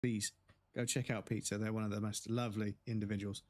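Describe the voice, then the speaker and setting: A man's voice: on the low side, level tone, fairly quick, darkish tone, no echo, clean studio sound. A man streaming himself playing a video game, chatting casually, swearing freely, laughing often and drifting into rambling asides. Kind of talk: casual gameplay livestream chat.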